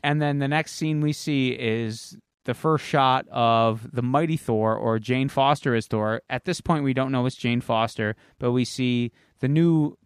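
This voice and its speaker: A man's voice: mid-range voice, a little slow, hardly any pauses, clear, resonant tone, no room sound, studio quality. A man co-hosting a podcast, casually retelling a comic-book story with lots of fillers, restarts and swearing. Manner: rambling plot recap with fillers and swearing. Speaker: podcast co-host. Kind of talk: casual chat.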